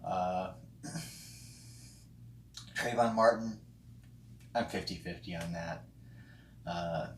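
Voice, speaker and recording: A man's voice: deep voice, slow pace, long pauses. A man giving a casual, opinionated monologue in a blunt, profane way, with frequent ums and restarts. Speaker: vlogger responding to a friend's video. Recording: roomy echo with faint background noise.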